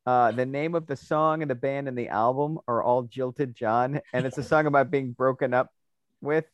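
A man's voice: mid-range voice, moderate pace, dry recording, dull audio. Opinionated man, dry close sound. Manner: animated, opinionated, stammers when excited. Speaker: podcast co-host. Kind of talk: casual music chat.

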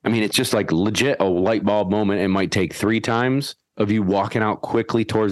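A man hosting a podcast and explaining dog training in a folksy, animated way, acting out his whistle commands. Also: on the low side, moderate pace, few pauses, no room sound. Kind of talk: casual instructional chat.

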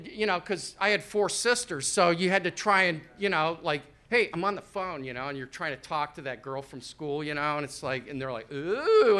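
A man's voice: high voice, bright, forceful tone. A man in his fifties doing a stand-up comedy set on a club stage, rambling and conversational, with crude asides. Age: 50s.

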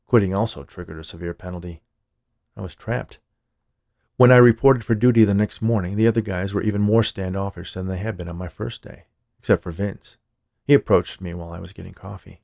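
Male storyteller reading first-person narration; steady and measured, gravelly, close and dry. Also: low-pitched, dry recording.

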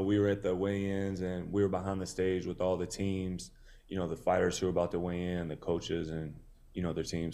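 A man's voice: low voice, mellow. A man in his thirties, a boxer guest, telling his story on a podcast in a laid-back way with lots of fillers. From Tennessee. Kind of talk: casual podcast interview.

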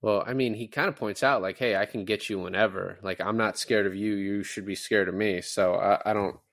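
Low-pitched male podcast co-host, chatty and rambling, dry close mic. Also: a little fast, no room sound. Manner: rambling, quotes movie lines in lively put-on voices. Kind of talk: casual movie podcast chat.

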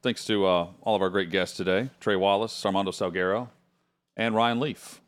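Low-voiced relaxed sports radio host. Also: male voice. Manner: relaxed, halting with fillers. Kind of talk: casual sports talk.

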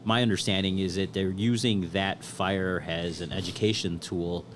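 A man's voice: deep voice, fairly even intonation, moderate pace, noisy background. A man hosting a casual interview, asking questions and throwing in jokes. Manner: joking, prompting questions. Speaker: podcast host.

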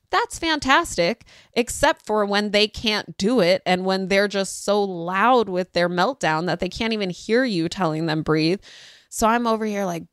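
Woman, parenting host, casual storytelling, acts out quotes with pitch jumps, dry close sound. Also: animated, moderate pace, fairly bright tone, no room sound.

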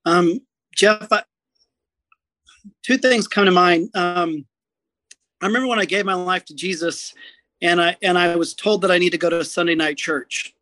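Animated, self-mocking male storyteller. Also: sits high, moderate pace, pauses often, no echo, rough recording. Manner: animated, self-deprecating storyteller acting out quotes. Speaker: guest, comedy skit writer. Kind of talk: storytelling in a podcast conversation.

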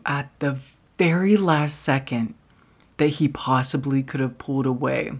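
Unhurried, swearing woman telling a story. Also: low voice, vocal fry. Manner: profane, dramatic, swings between hushed asides and loud bursts. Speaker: podcast host. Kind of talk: comedic personal storytelling.

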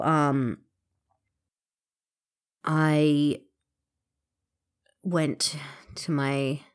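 A woman frankly telling her own story, halting and candid, with occasional swearing. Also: low voice, vocal fry. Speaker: interviewee in recovery. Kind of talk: emotional personal storytelling.

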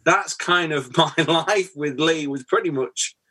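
Bright-voiced man in his forties chatting. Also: on the high side, a little slow, husky. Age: 40s. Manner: anecdotal, acts out dialogue. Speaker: podcast co-host. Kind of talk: casual chat, football talk.

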